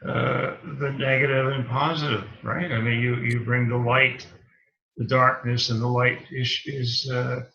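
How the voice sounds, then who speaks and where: Bright, tense-voiced host on lo-fi audio. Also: male voice, medium pitch, little pitch movement, a little slow, creaky. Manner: enthusiastic, affirming, frequent backchannels. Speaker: interview host, reverend. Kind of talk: hosting a live interview. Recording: dull, lo-fi audio.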